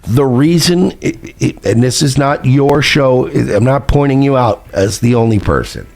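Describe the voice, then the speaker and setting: A man's voice: medium pitch, expressive, measured pace, gravelly, a little mellow, faint music behind. A man streamer delivering heated, profane, repetitive commentary, ranting and reacting to clips. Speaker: streamer host.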